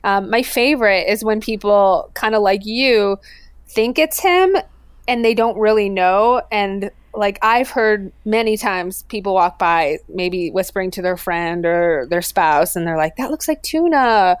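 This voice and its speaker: A woman chats in a casual interview, earnest and eager, circling back with "you know" and restarts. Her voice is clear and smooth. It sits close and dry on the mic, with little room sound. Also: mid-range voice, a little slow, dry recording. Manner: earnest, enthusiastic, with frequent fillers and restarts. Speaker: guest, owner of a popular pet account.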